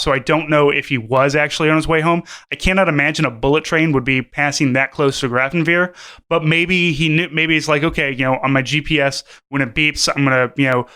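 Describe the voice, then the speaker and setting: Bright, clear-voiced rambling man. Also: on the high side. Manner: rambling, profane, many fillers and restarts. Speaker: podcast co-host. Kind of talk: casual podcast chat.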